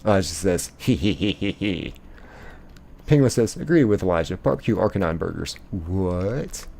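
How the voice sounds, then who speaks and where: A man's voice: deep voice, expressive, moderate pace, creaky, darkish tone. A young man, live-streaming a game and playfully reading viewer chat aloud, laughing often.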